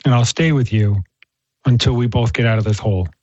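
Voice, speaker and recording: A man voicing a calm, loyal friend who promises to lead the way out, in a dull recording. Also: medium pitch, a little fast, dry recording, lightly acted. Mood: reassuring. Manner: steady, reassuring. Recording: dull, muffled sound.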